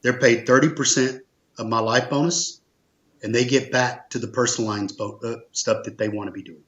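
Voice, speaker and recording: A man's voice: mid-range voice, steady tone, moderate pace, a bit bright, highs cut off. Earnest man telling a business story. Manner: earnest, emphatic, repeats phrases for stress. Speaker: insurance agency owner, guest. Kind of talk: conversational storytelling.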